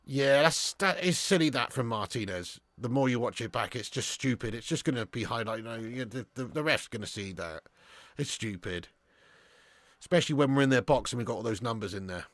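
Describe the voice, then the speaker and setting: A man hosting a live football watch-along, commentating and reading viewer chat, excitable and swearing freely. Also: medium pitch, a little fast, dry recording. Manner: excitable, swears freely, swings from muttering to shouting. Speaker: fan channel host.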